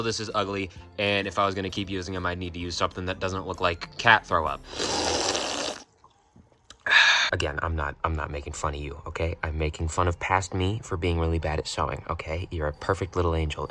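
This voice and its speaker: A man's voice: fairly low pitch, bright, forceful tone. A young man in a casual vlog, rambling and mocking himself, swearing freely and often restarting his sentences. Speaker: plush maker and video creator.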